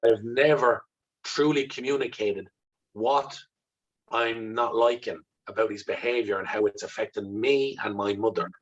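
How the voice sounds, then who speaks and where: Husky irish guy talking real candid, swears a lot, kinda dull lo-fi sound. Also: fairly low pitch, normal speed. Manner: intense, swears freely, acts out remembered dialogue. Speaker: guest. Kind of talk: candid conversational storytelling.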